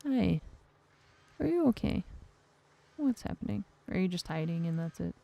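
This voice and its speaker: A woman's voice: fairly low pitch, sing-song, moderate pace, creaky, warm tone. A woman streaming a game, chatting casually and self-mockingly with viewers and her cat, laughing often. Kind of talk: casual live-stream chat while gaming.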